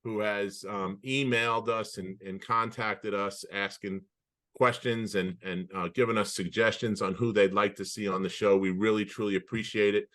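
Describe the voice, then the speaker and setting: A man co-hosting a podcast over a video call, telling anecdotes in an animated way with many restarts. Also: lowish voice, moderate pace. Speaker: podcast co-host. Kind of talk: casual storytelling chat.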